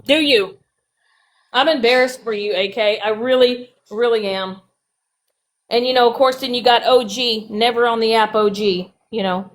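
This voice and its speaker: A woman's voice: a little high, steady tone, normal speed, a little hiss or hum. A woman hosting a live stream, ranting bluntly and profanely and confronting her critics directly. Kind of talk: heated live stream rant.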